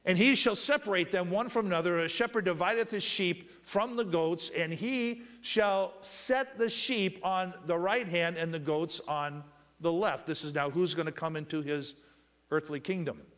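A man preaching a sermon who reads scripture slowly, calls on the congregation to fill in words, and swings between loud raised passages and quiet asides. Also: high voice. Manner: asks the congregation to finish verses with "what?"; reads scripture in slow drawn-out phrases. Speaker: pastor.

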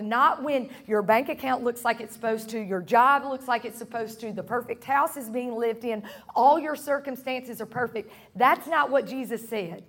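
A woman pastor preaching a sermon to her congregation, earnest and repeating phrases for emphasis, slowing and softening on her key lines. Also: on the high side, breathy edge. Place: church service room.

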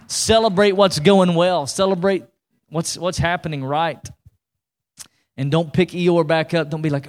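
A pastor preaches with driving energy, repeating phrases and restarting sentences as he presses his point. His man's voice sits a touch higher than most, and he calls out to the congregation for response. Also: measured pace. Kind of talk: sermon.

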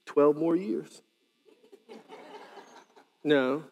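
A male pastor preaching a sermon, animated, with joking asides and sudden loud quoted lines. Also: on the high side, drawn-out words, big-room sound, highs cut off.

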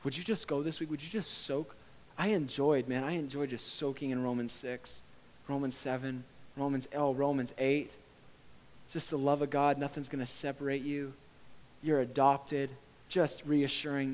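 A male pastor preaching a sermon in a conversational, earnest way that often swells into impassioned shouting. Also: medium pitch, steady tone, moderate pace, big-room sound, a little hiss or hum.

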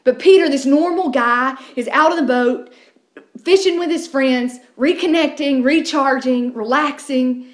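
A woman's voice: high-pitched, unhurried. A middle-aged woman pastor, preaching a sermon in a conversational storytelling way with frequent restarts. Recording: roomy echo.

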